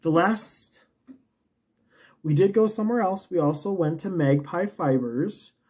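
A man with a fairly high but mellow voice chats casually as a knitting host. He rambles and pokes fun at himself, sometimes drifting away from the mic as he talks. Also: lively intonation, unhurried, husky. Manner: chatty, self-mocking, rambling asides. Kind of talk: casual chat.

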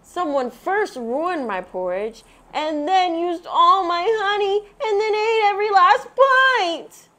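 A woman voicing a small, easily upset boy bear cub in a storybook read-aloud, squeaky and childlike. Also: expressive, slow pace, few pauses, bright, forceful tone, full character voice. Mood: whiny.

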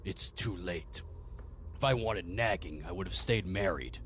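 A man voicing a cold, scornful male dark overlord who speaks slowly and dismissively. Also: slight background noise. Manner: slow, low and dismissive.

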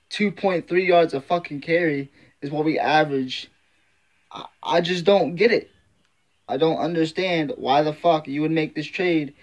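On the high side and at normal speed, another male fan vlogger delivers an angry rant about his team. The frustration comes out in constant profanity and plenty of repetition.

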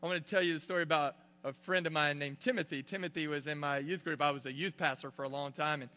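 A middle-aged man, a pastor, giving an animated sermon full of storytelling. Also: a little high, fast, long reverb tail.

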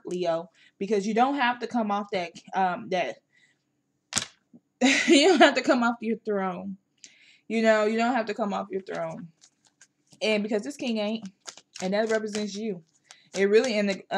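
Brief: woman tarot reader, Southern country accent, emphatic and repetitive, mid-pitched. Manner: emphatic and repetitive, with colloquial phrasing. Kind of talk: casual spiritual tarot reading.

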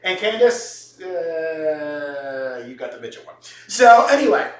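A man's voice: fairly high pitch, sing-song, takes it slowly, a bit bright. A man hosting a home cooking show, joking and rambling with lots of fillers and restarts. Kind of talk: casual cooking show banter. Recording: roomy, from a distance.

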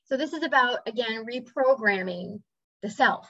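A woman's voice: a little high, animated, moderate pace, bright, forceful tone, dry recording. A woman sharing a personal story in a casual, earnest talk, now and then acting out voices and bird sounds. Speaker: spiritual speaker. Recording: slightly dull dry recording.

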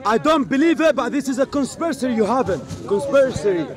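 Man, rapid speech, high voice, broken repetitive English, crowd noise. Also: lively intonation. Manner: broken English, repeats short phrases. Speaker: street debater. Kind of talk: heated street debate. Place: outdoor public park.

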